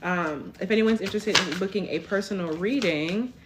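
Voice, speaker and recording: Amid background noise, a tarot reader in her 20s chats through a casual live reading at a moderate pace, ending nearly each line with "okay?". Her voice is medium in pitch.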